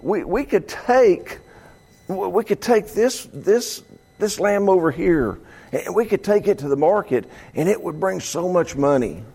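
Man doing a stammering, wheedling priest, higher voice, gravelly, bargaining tone. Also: animated, measured pace, dark tone, heavily acted. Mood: scheming. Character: indignant haggling ancient priest, male adult.

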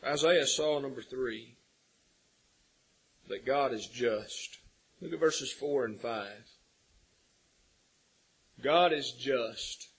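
A man preaching a sermon, asking rhetorical questions and building to loud emphasis with a husky voice. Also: a little high, poor audio. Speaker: pastor.

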